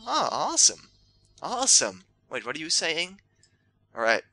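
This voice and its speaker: A young man giving excitable let's play commentary, yelling and trash-talking the game. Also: fairly high pitch, normal speed. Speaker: gamer.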